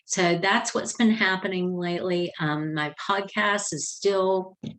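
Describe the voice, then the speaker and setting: A woman's voice: fairly low pitch, steady tone, unhurried, low-quality recording. An older woman telling a personal story in an earnest, chatty way, with a few restarts as she goes. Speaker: Christian vlogger.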